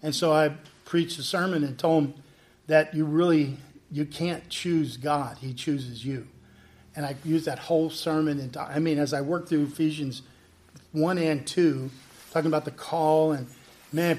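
Animated man telling a pastor's story. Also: a little high, unhurried. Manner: animated, acts out quoted dialogue. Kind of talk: personal testimony storytelling.

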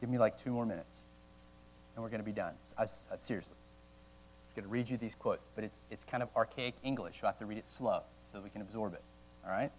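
A man giving a casual, conversational sermon to young adults, animated at times and slowing down to read old quotes aloud. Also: fairly low pitch, slight background noise, poor audio. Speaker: college ministry teacher. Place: church meeting room.

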